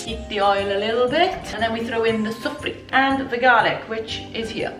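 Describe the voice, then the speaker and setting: A woman's voice: on the high side, brisk. A woman from Italy hosting a casual cooking demonstration in a home kitchen, chatty and slipping Italian words into her English. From Italy, grew up in Milan. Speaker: cooking video host. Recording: echoey kitchen with background music.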